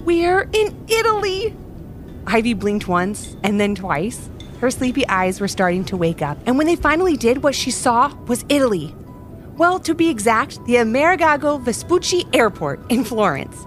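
A woman's voice: on the high side, lively intonation, normal speed, soft background music. Bubbly sing-song woman storyteller. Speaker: storyteller host. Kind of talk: children's story narration.

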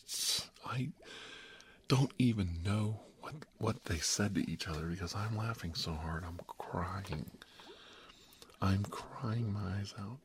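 A man telling a rambling comic story in an animated, wry way, with hushed, whispery asides and many repeated words. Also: lowish voice, takes it slowly. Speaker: comedic monologist.

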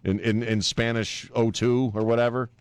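A man's voice: mid-range voice, fairly even intonation, moderate pace. A middle-aged man hosting a talk radio show, rambling and joking in casual banter. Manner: rambling, joking, laughs often.

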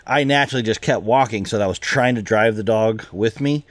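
A middle-aged man in casual chat, rambling, laughing often and trailing off quietly. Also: lowish voice, fairly quick, no room sound.

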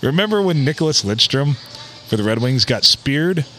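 A man co-hosting a podcast in loose, profane banter, quick to crack a joke and laugh. His voice sits at an ordinary middle pitch. A faint hiss of noise runs under the recording. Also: very animated, pushed and bright. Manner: crude, jokey, laughs often. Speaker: podcast co-host. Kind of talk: casual banter.

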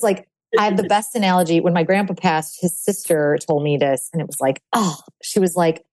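A woman host with a lowish, mellow voice, talking candidly in a relaxed podcast conversation. Her sound is dry and close, with no room echo. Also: a little fast, hardly any pauses. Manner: chatty, candid, many fillers. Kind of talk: casual conversation.

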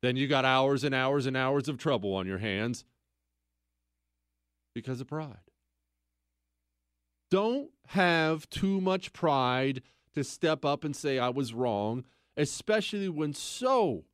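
A middle-aged man hosting a talk radio show, reading listener mail and ranting emphatically, jumping from loud exclamations to low mutters. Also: no echo, studio quality.

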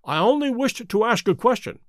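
A man voicing a cool, precise middle-aged detective with a crisp, confident manner. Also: extremely high pitch, very animated, fairly quick, no room sound, clean studio sound, voice pushed up.

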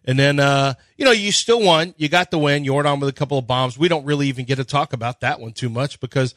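A man co-hosting sports radio, breaking down pitching in an analytical way. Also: quick pace, fairly bright tone, dry recording. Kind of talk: casual sports talk.

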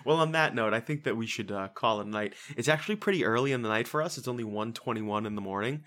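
A man's voice: medium pitch, quick pace, a bit bright. A man co-hosting a casual late-night podcast, joking loosely and laughing often. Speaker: podcast co-host.

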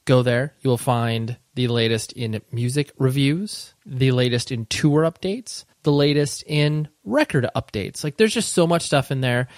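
A man's voice: mid-range voice, no room sound. Man podcast host, casual rambling chat, filler words, sarcastic asides, dry close sound.

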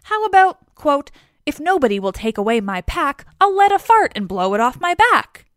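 Lady voicing a petulant wisecracking slave guy, whiny, bouncy pitch. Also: big pitch swings, normal speed, no room sound, clean studio sound. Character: petulant joking male slave with luggage.

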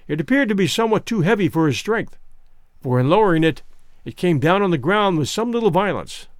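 A man reads a story aloud, measured and expressive, his fairly high voice rising and falling a great deal. The recording is dry and close, with no room echo. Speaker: narrator. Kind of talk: audiobook narration.

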